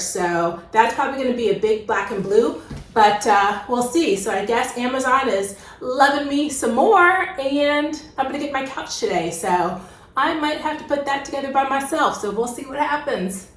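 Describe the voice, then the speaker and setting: A middle-aged woman chatting excitedly in a casual home makeover vlog, recorded indoors at her home. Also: a little high, reverberant.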